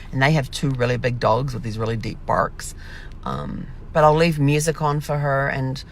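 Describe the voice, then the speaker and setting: A woman's voice: extremely low pitch, creaky, fairly bright tone, slight background noise. A woman telling a rambling, casual diary vlog from her camper, acting out her own remarks as she goes. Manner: rambling storyteller, acts out her own quotes. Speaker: vlogger.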